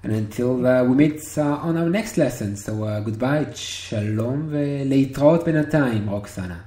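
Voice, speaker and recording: A man teaching Hebrew one-on-one over a video call, patient and encouraging, repeating words slowly. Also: mid-range voice, dark tone. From Israel. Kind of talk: one-on-one online language lesson. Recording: roomy video call audio.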